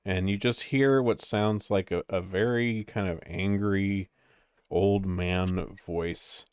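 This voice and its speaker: A man's voice: deep voice, fairly even intonation, slow, a little mellow, clean tone, dry recording, clean studio sound. A man narrating as game master of a tabletop game, rambling with lots of fillers.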